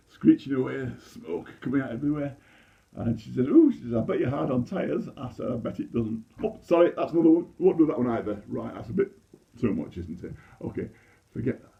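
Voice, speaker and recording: A man's voice: mid-range voice, vocal fry. A man in his sixties speaks in a Yorkshire accent, performing stand-up comedy in a chatty, self-deprecating way with frequent restarts. His voice sits in a middling register. The recording sounds a little dull and lo-fi. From Leeds, England. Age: 60s. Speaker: amateur comedian.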